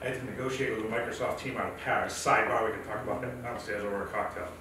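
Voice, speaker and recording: Middle-aged guy telling a funny story at an event, bright sharp voice, echoey hall, mic kinda far. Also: lowish voice, very fast, a little hiss or hum. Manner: animated, self-mocking, acts out quotes. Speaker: speaker at a professional event. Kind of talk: humorous storytelling talk.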